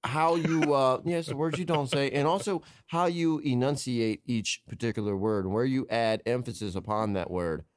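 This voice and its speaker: A man's voice: medium pitch, moderate pace, few pauses, dry recording, clean studio sound. A man hosting a casual podcast chat about sales, plainspoken and coaching, driving home his key points.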